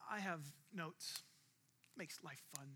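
A man's voice: on the high side, slow, sharp tone, a little hiss or hum. A man preaching a sermon as pastor, conversational, acting out what his listeners might say.

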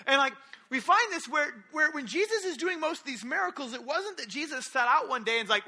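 A man's voice: extremely high pitch, fast talker, pushed and bright, husky. A young man preaching a sermon, retelling stories animatedly and acting out the quotes.

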